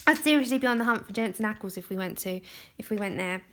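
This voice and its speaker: A young woman livestreams herself colouring, chatting and giggling into a camera placed just in front of her face. Her mid-range voice is expressive and a bit bright, and she talks fast, with a little hiss or hum in the background.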